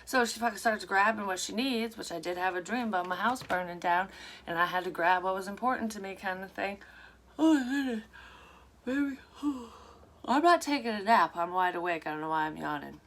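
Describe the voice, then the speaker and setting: A woman's voice: mid-range voice, brisk, a bit bright. A woman giving a casual, rambling psychic card reading to her viewers. She talks frankly and swears freely. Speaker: psychic tarot reader. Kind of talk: casual tarot reading to camera.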